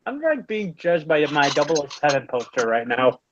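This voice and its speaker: A man's voice: on the high side, sing-song, moderate pace, highs cut off, background noise. A man hosting a live stream, chatting casually and telling jokes, laughing often.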